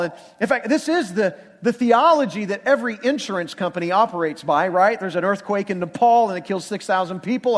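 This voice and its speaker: A male pastor preaching a sermon in a church, conversational with emphatic rhetorical questions. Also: sits high. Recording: long reverb of a church hall.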